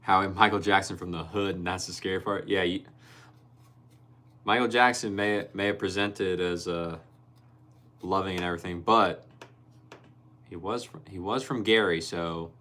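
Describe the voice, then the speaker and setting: A young man with a deep, slightly bright voice hosts a casual livestream, reading viewers' chat comments aloud and laughing often.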